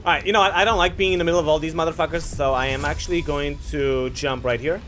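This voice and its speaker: A man giving casual let's-play commentary while he games, excitable, profane and often exasperated. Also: on the high side, fast, over music. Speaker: gaming video host.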